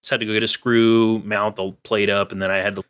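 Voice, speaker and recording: Man, lower voice, relaxed casual storyteller, loose and chatty. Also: fast, smooth. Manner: relaxed storytelling with many likes and you-knows. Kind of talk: casual chat.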